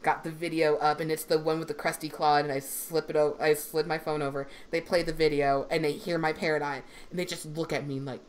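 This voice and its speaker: A young woman voice actor with a deep voice, chatting casually on a livestream and rambling with many fillers. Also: little pitch movement, brisk, hardly any pauses, a little hiss or hum. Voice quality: deep female voice.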